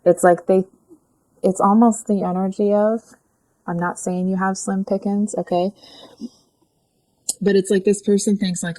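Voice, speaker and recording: A woman giving a casual, frank tarot reading, chatty and animated, often breaking off to correct herself. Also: medium pitch, a little slow, pauses often. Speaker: tarot reader.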